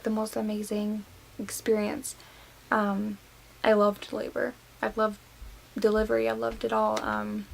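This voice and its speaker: A nineteen-year-old woman vlogs casually to the camera, telling a personal story packed with fillers and "likes" as she grows emotional and tearful. Her voice is on the high side and creaky, and the low-quality recording carries a slight hiss or hum.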